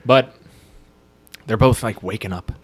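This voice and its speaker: A man co-hosting a movie podcast in casual chat, excitable and profane, rambling with many fillers. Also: on the low side, measured pace, husky. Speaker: podcast co-host.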